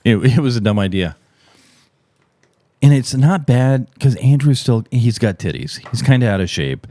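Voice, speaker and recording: A middle-aged man hosting a podcast, telling a profane, animated story in casual chat. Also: normal speed, no echo. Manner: profane, animated storyteller, voice jumps high and loud when acting out shouts. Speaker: podcast host.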